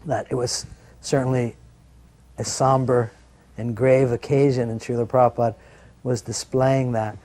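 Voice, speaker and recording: A man calmly recalling his first meeting as a devotee, in a reflective way, his voice often dropping softer. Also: medium pitch. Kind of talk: personal recollection.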